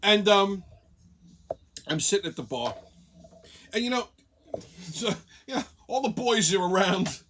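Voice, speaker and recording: A man's voice: sits high, expressive, a little slow, long pauses, noisy background. A man hosting a show, telling a rambling comic story full of profanity. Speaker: show host.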